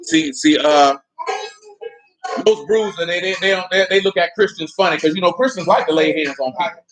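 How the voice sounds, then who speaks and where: A man's voice: high voice, normal speed, fairly bright tone, faint music behind, low-quality recording. A man preaching a sermon in a loose, conversational way, with speech patterns, often asking his listeners questions.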